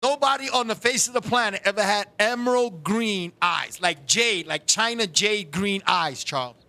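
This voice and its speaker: Male live-stream host with a very high, piercing voice. Animated, swears freely, laughs a lot. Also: moderate pace. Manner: animated, profane storytelling with frequent laughs. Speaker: talk show host. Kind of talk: casual live-stream chat.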